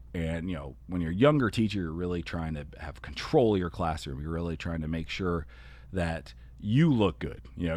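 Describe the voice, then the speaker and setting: A man with a very low voice talks through a solo podcast episode as an educator, earnest and conversational, leaning on "you know" and "kinda" as he explains. The sound is close and dry, with no room around it.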